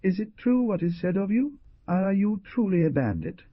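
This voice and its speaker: A man's voice: lowish voice, sing-song, fairly quick, slightly rough, no room sound, muffled recording, full character voice. A man voicing a stern, blunt older frontier hunter who questions in a terse, reproachful way.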